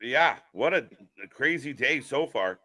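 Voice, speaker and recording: Bright, jokey male stream host. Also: medium pitch, expressive, a little slow. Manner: jokey, addresses viewers directly. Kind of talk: casual live wrestling commentary.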